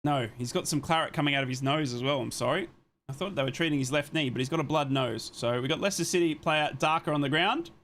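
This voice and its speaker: A man's voice: on the high side, a bit bright, slight background noise. Chatty man streaming a match watchalong. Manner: chatty, reads and answers viewer comments between plays; apologetic, quick to say sorry. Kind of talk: casual live match commentary and chat.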